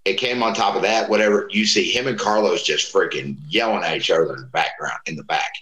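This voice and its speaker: Man, middle-aged, low voice, roomy echo, animated storyteller. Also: fairly quick. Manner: animated, acts out quoted voices. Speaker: guest. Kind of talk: casual storytelling.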